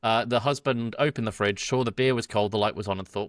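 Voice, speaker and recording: A British man co-hosting a podcast, chatting in a laid-back way and trading quick one-liners with a chuckle. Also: fairly low pitch, no echo, studio quality. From Britain. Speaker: podcast co-host. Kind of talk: casual comedic chat.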